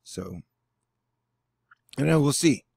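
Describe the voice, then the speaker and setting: Brief: male vlogger, gravelly, dry close sound, sarcastic and rambling. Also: mid-range voice, lively intonation, slow pace, darkish tone, no room sound. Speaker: weather vlogger. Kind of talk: casual vlog commentary. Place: indoors at home.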